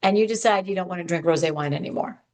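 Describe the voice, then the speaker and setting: A woman's voice: lowish voice, fast talker. Chatty, upbeat woman podcast host. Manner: chatty and animated, addresses listeners directly. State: hopped up on sugar. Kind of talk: upbeat advice podcast monologue.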